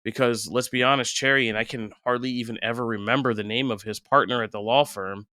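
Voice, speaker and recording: Male podcast guest, smooth resonant voice, hiccuping, animated and wry. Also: mid-range voice, quick pace, dry recording, studio quality. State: has the hiccups. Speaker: guest critic. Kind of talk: casual podcast discussion.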